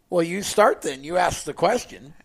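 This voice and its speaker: A man's voice: fairly high pitch, animated, unhurried, vocal fry, slightly rough. A man hosting a radio talk show, rambling and laughing as he trails off mid-sentence. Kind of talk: casual studio banter.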